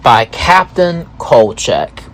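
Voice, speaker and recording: A man narrating a story in the first person, relaxed and slow, with hesitant restarts. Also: mid-range voice.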